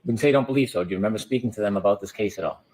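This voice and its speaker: A man's voice: on the low side, racing, darkish tone, low-quality recording. A man cross-examining a witness in court with pointed, pressing questions. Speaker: attorney.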